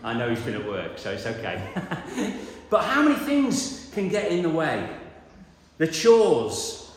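A man's voice: fairly high pitch, a little slow. Man, preacher, conversational sermon, joking asides, very echoey church hall. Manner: lively, joking asides to the congregation.

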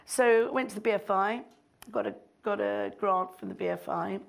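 A middle-aged woman, a filmmaker guest on stage, telling an animated anecdote with frequent laughter and mimicry. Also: medium pitch, moderate pace, vocal fry.

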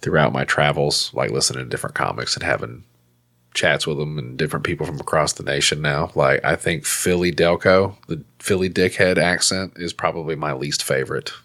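A man's voice: very deep voice, steady tone, a little fast, a bit bright. A man who hosts a podcast, rambling and crude as he jokes with a guest. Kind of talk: casual podcast chat.

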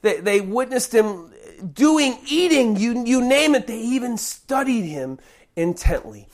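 A preacher teaching a Bible passage in a sermon, speaking emphatically with sudden loud bursts and frequent restarts. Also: medium pitch, very animated, unhurried.

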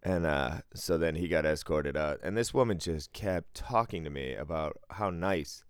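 A man's voice: very deep voice, lively intonation, moderate pace, smooth, no echo. A man chatting casually with a co-worker from the casino, making dry laid-back jokes. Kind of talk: casual podcast chat.

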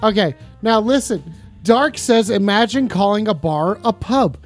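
A man hosting a live call-in show, excitable and giggly, fumbling his words as he talks. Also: sits high, unhurried, faint music behind. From Canada. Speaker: host.

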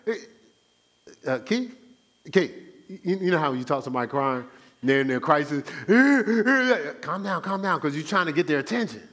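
A male pastor delivers a loose, conversational sermon, his fairly high voice swinging widely in pitch. He stammers through restarts and throws himself into acting out the people he quotes. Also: expressive, moderate pace, fairly bright tone.

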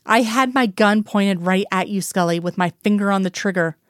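A woman's voice: mid-range voice, normal speed, smooth, no echo, clean studio sound, lightly acted. A woman reading the lines of a male FBI agent who talks in tense, clipped bursts of anger. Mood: angry. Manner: tense, clipped, sharp outbursts.

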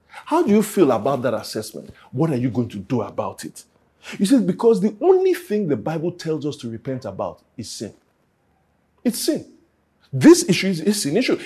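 High-voiced Nigerian pastor preaching. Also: male voice, slightly rough. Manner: preaching with swings from quiet reflection to loud urgent exhortation. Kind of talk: sermon. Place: church.

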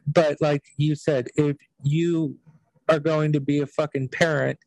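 A man's voice: on the high side, level tone, measured pace, creaky, darkish tone, no room sound, rough recording. A man hosting a podcast, telling stories in casual chat with blunt, profane language. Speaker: podcast host.

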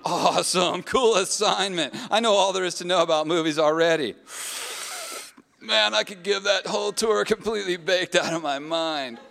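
A man's voice: high voice, moderate pace, creaky, a bit bright, soft background music. A man playing a goofy, cocky stoner spy in a comedy audio play, talking in brash, laid-back dude slang.

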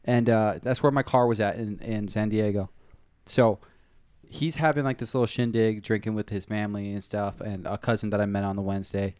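A man spins a long, wandering story in easy podcast chat, stopping and restarting and leaning on "like" fillers. His voice is smooth and clean. It sits close and dry, with no room sound at all. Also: fairly low pitch, fairly even intonation, fairly quick, darkish tone, dry recording. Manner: rambling, full of "like" fillers and restarts. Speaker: podcast regular telling a story. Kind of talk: casual chat.

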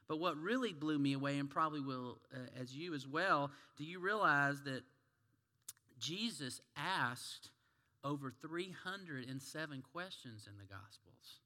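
A man's voice: fairly high pitch, expressive, measured pace, bright, forceful tone, big-room sound. A man preaching a sermon in a folksy, conversational storytelling way.

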